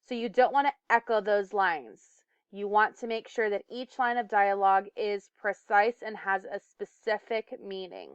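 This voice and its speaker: A woman's voice: medium pitch, moderate pace, clean tone, dry recording, muffled recording. A woman teacher giving a recorded lesson. She explains step by step and sometimes stumbles or corrects herself. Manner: self-correcting, occasional stumbles and fillers.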